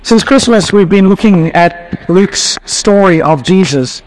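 A man's voice: high-pitched, lively intonation, unhurried, long reverb tail. A man preaching a sermon. He prays, then reads scripture in an earnest, plain voice while getting over laryngitis. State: recovering from laryngitis. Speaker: pastor. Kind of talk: sermon with prayer and scripture reading.

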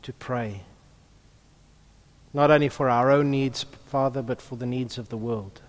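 A man in the role of pastor, praying softly and then preaching with emphasis. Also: medium pitch, unhurried. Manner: hushed in prayer, then lively and emphatic preaching. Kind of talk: prayer and sermon. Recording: long reverb of a large hall.

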